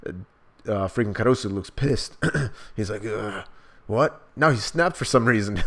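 A man's voice: on the low side, measured pace. Hyped casual man reacting to a manga. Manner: hyped, slangy, reads dialogue in raised voices. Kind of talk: casual live reaction, reading aloud in voices.

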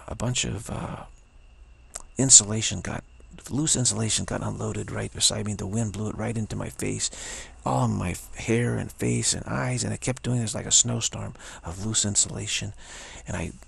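Vocal fry and a breathy edge color this man's fairly low voice, which moves at normal speed. Sore-throated, the spiritual teacher tells a spiritual story in a casual, reflective way, circling back and restarting frequently.

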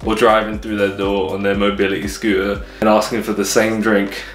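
A man's voice: lowish voice, completely flat delivery, brisk. A young man, a bartender, chatting casually to camera, swearing and laughing often. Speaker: vlogger. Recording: echoey room with music.

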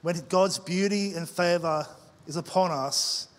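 Pastor preaching in a reverberant hall. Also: male voice, high-pitched. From Australia. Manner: conversational storytelling with quick asides. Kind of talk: sermon. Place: large church auditorium. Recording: long church hall reverb with faint music.

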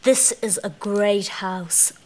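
An actress playing a poised young woman visitor who speaks calmly and politely. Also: medium pitch, takes it slowly, slight background noise, close to an everyday voice, poor audio.

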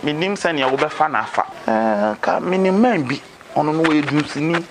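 A man playing a smooth-talking Ghanaian adviser. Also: a little high, moderate pace, background noise, lightly acted. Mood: confiding. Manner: animated, mixing Twi with pidgin English. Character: persuasive adult man, streetwise adviser. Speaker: adviser urging a fetish priest.

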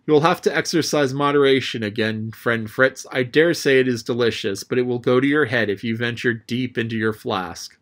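A man reading a classic adventure novel aloud as an audiobook narrator, telling the story in a lively way. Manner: lively storytelling, raising his pitch for the boy's lines.

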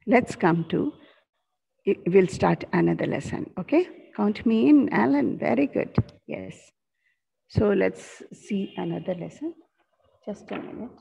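A woman teacher walks a class through an exercise at a very slow pace, repeating each answer and spelling words aloud. Her voice is gravelly and husky. The recording sounds dull and lo-fi. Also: mid-range voice, a little mellow. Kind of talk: online class lesson. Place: school corridor.

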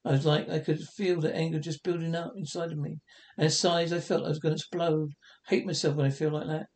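Nervous, apologetic housewife read by a man, halting delivery, script reading. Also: fairly high pitch, flat delivery, a little mellow, lightly acted. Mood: ashamed. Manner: hesitant, apologetic. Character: timid frightened downtrodden housewife.

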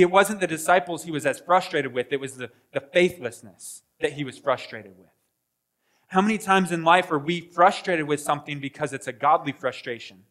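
A pastor delivering a lively sermon in a high, bright voice. He acts out voices and swings between loud bursts and hushed asides. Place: church sanctuary.

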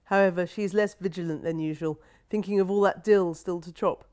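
A woman reads aloud from her own novel in a measured, wry manner. Her voice sits somewhat low for a woman. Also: fairly even intonation, a little mellow. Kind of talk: literary reading aloud.

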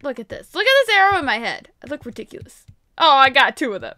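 Young woman, game commentary, excitable, gasping, keyboard typing faintly behind. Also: high-pitched, quick pace, dry recording, clean studio sound. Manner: excitable, gasps and shrieks often. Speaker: gaming YouTuber. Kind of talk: Minecraft let's-play commentary.

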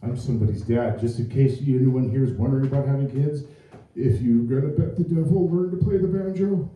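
Fairly quick and warm in a mid-range voice, a man performs stand-up, meandering through self-mocking tales for a live audience. He's heard from far off in an echoey club.

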